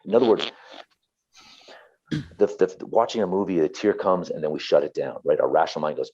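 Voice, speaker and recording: A man's voice: rumbling low, steady tone, fairly quick, pauses often, warm tone, husky, dull audio. A man, a therapist and author, talking earnestly and passionately as an interview guest, often repeating himself.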